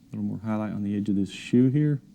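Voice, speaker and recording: A man giving a relaxed, encouraging painting demonstration in his studio, talking while he works. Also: on the low side, fast talker, gravelly, slight background noise. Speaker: painting instructor. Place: art studio.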